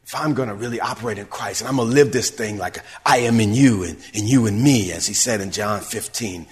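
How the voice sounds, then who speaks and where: A pastor preaches to his church in a lowish voice, talking a little fast with few pauses, while a large hall's long reverb surrounds him. He builds to emphatic calls and asks the congregation whether they hear him.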